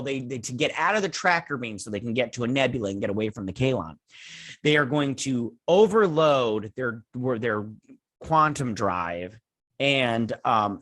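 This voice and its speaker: A man's voice: mid-range voice, fairly bright tone, no echo. Man, casual review, rambling recap, sarcastic asides, dry close sound. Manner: rambling, says "and everything" and "he's like" a lot. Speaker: host reviewing a TV episode. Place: home with children playing nearby.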